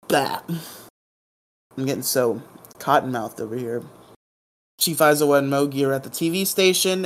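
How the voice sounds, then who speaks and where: This male podcast host's voice sits on the high side with a fairly bright tone. He goes through a TV episode recap casually, cracking jokes, staying irreverent, and humming silly sound effects.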